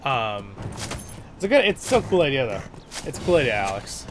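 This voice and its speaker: A man's voice: mid-range voice, very animated, normal speed, a little hiss or hum. A man hosting a casual game livestream, chatty and laughing, reading out chat messages, with a stuffed-up nose. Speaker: livestream host.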